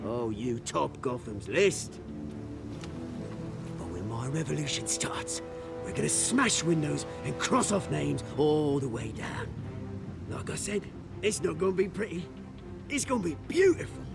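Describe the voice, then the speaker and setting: An actor with a British accent playing a bitter, scheming young gang leader in a video game, theatrical and menacing, swinging from shouts to hushed threats. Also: male voice, a little high, sing-song, measured pace, vocal fry, long pauses, heavily acted. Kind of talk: video game cutscene acting. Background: game music.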